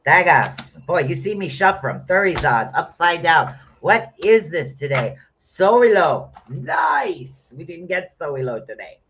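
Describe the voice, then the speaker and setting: A man's voice: on the high side, expressive, normal speed, hardly any pauses, fairly bright tone, a little hiss or hum. Middle-aged man hosting a casual rune-reading stream, chatty and familiar, muffled lo-fi sound. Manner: chatty, calls listeners honey. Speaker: rune reader. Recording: dull lo-fi sound.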